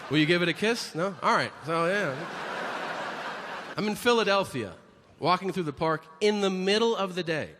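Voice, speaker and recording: Male stand-up, high and bouncy delivery, reverberant hall, live crowd. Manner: animated storytelling with shouted voiced asides. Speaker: stand-up comedian. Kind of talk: stand-up comedy routine. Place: large hall before a live audience. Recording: reverberant hall, audience noise.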